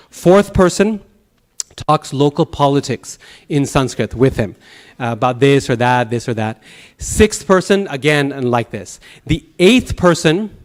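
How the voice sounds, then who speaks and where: A man teaching a Sanskrit class at a temple, telling anecdotes in an animated way with chuckles and restarts. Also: mid-range voice. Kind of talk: lecture with anecdotes.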